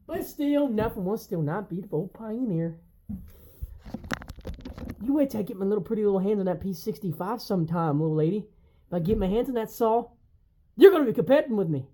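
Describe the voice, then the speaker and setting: A man's voice: sits high, lively intonation, fairly quick, long pauses, mellow, a little hiss or hum, poor audio. A man who collects old chainsaws, ranting in a casual vlog with brash, rambling, profane trash talk.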